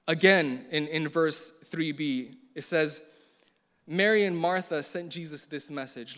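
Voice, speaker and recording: A man's voice: fairly high pitch, unhurried, fairly bright tone. A man preaching a sermon in an earnest way, often repeating words and building to emphatic stresses. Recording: long hall reverb.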